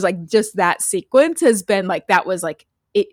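A woman co-hosting a podcast, telling a story in a lively, chatty way with many fillers. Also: mid-range voice, slow, hardly any pauses, no echo, clean studio sound. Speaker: podcast co-host. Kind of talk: casual chat, storytelling.

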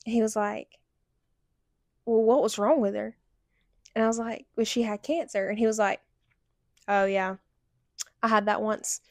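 A woman's voice: fairly high pitch, flat delivery, unhurried, long pauses, no room sound, studio quality. Chatty young woman telling stories. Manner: chatty storytelling, heavy use of "like". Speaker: podcast co-host. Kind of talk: casual chat.

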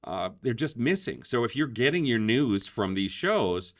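A man's voice: medium pitch, big pitch swings, moderate pace. A man hosting a casual political talk show, chatty, laughing often and using many fillers. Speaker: podcast host.

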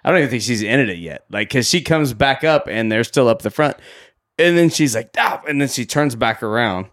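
A podcast co-host with a medium-pitched, slightly quick voice casually recaps a movie scene. He acts out the characters' lines with animated energy and laughs often.

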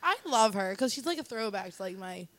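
A woman's voice: medium pitch, lively intonation, fairly quick, a bit bright. A woman chatting casually and playfully as a podcast co-host. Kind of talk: casual chat.

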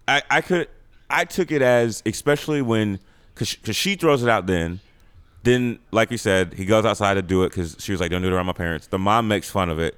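A man with a somewhat low voice talking through his take on a movie. He builds his points step by step in a calm, analytical way, in casual podcast conversation. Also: smooth. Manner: thoughtful, analytical, measured. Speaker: podcast co-host.

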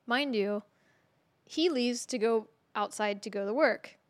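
Podcast co-host, woman, animated storyteller who swears a lot, voice a touch high, dry close mic. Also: measured pace, no echo. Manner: animated, swears freely, laughs through her stories. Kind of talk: casual storytelling chat.

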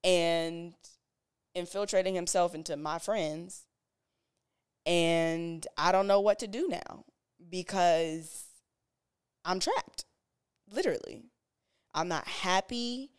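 A woman talks frankly through a personal story on a podcast, her voice smooth and clean. She sits a little low in pitch and keeps an earnest, straightforward tone. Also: slow pace, long pauses. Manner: earnest, direct, conversational. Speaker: podcast co-host.

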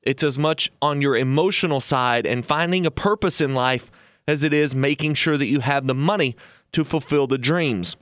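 A man hosting a retirement podcast, talking earnestly and telling a folksy story, slowing down for emphasis. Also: on the high side, fairly bright tone, smooth, no room sound, studio quality. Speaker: host and financial planner.

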